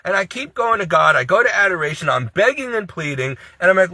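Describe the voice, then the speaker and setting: A man pours out a distressed, pleading monologue in a high, bright voice with a husky edge. He speaks to the camera with mounting exasperation, recorded dry and close. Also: expressive, quick pace, few pauses, dry recording. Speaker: Catholic video creator.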